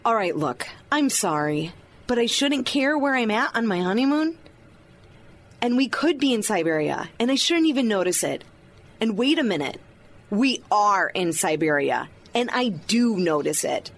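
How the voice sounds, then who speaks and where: A woman doing a bookish American bride at the end of her patience, sarcastic and quick to complain. Her voice swoops up and down with animated expression at a medium pitch. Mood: exasperated. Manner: exasperated, sarcastic. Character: fed-up American bride, bookish, sharp-tongued. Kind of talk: radio drama acting.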